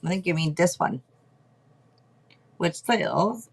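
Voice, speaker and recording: A woman's voice: lowish voice, expressive, takes it slowly, gravelly, pauses often, slightly rough. A woman hosting a casual livestream tarot reading, chatty, thinking aloud and laughing often. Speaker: tarot reader host.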